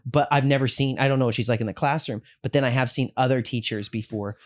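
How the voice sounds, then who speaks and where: A man's voice: medium pitch, fast. An American man, a teacher and comedian, telling classroom stories in a casual podcast chat and acting out the people he quotes. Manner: animated storyteller who acts out quoted people. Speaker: teacher and stand-up comedian, guest.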